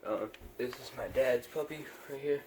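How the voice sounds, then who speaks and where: A man's voice: mid-range voice, moderate pace, noisy background. A man filming a casual home vlog on his phone, playfully coaxing a puppy with repeated calls. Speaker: vlogger. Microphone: handheld phone.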